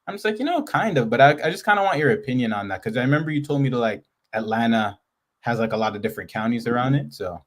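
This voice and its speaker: A man's voice: mid-range voice, animated, quick pace. Rambling man with a Toronto accent. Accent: Toronto, Canadian. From Canada. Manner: rambling, joking, many likes. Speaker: student on a coaching call. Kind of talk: casual coaching call.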